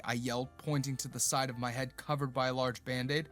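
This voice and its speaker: A man giving a scripted first-person narration of a romance story, steady and even. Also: medium pitch, a little fast, few pauses, soft background music.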